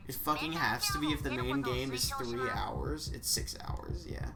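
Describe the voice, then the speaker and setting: A woman's voice: rumbling low, sing-song, unhurried, hardly any pauses, a crowd in the background, low-quality recording. A woman making dry, sweary asides while dubbing a game. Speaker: game dubber and streamer. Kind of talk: casual play-through commentary.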